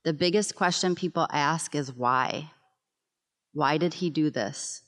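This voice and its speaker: A middle-aged mother recounting events quietly in a documentary interview. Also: low-pitched, measured pace. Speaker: mother of the deceased.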